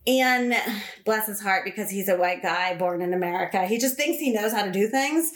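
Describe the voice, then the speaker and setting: A woman chatting casually about a book and parenting, animated and quick to laugh. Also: mid-range voice. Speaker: podcast guest. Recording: roomy echo.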